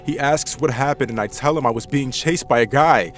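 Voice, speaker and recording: A man reads a true horror story aloud in the first person, with a dramatic delivery. His voice sits in an ordinary middle pitch, with faint music playing underneath. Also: fairly quick. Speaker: narrator. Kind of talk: scripted horror story narration.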